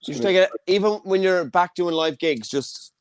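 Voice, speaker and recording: A man's voice: high-pitched, normal speed, smooth, no echo, studio quality. A man hosting an online comedy show over a video call, blunt and teasing with the comedians.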